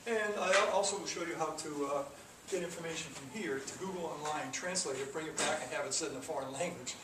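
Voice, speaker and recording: Man teaching coding, a touch high, distant mic in a roomy classroom. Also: quick pace. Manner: rambling, with fillers and restarts. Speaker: programming teacher. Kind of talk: classroom lecture. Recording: echoey room from far off, noisy.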